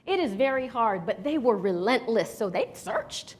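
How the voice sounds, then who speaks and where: A woman's voice: a little high, normal speed. Chatty woman leading a breathing workshop. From Washington, D.C. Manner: lively, chatty, addresses the audience with "y'all"; guides breathing exercises step by step. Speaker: workshop leader. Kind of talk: live workshop talk with a story.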